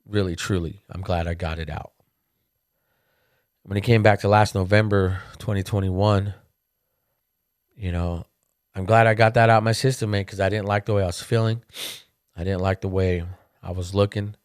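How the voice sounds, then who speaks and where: Middle-aged male podcast host, low voice, candid casual storytelling, dry close sound. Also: normal speed, long pauses, no room sound. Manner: candid, conversational, animated when quoting others.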